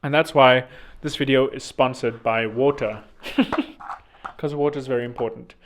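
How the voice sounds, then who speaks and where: A man hosts a casual podcast monologue, talking in a rambling, chatty way with joking asides. His mid-range voice keeps fairly even intonation at a measured pace.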